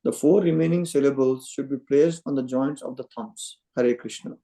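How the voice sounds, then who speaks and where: A man's voice: mid-range voice, normal speed, creaky, dark tone, low-quality recording. A man reading a scripture translation aloud to a study group over a call. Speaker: group participant reading verses.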